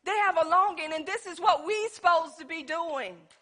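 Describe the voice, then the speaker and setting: High, bright-voiced woman preaching. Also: moderate pace. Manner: call-and-response preaching, swinging from shouts to soft asides. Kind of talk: sermon. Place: church.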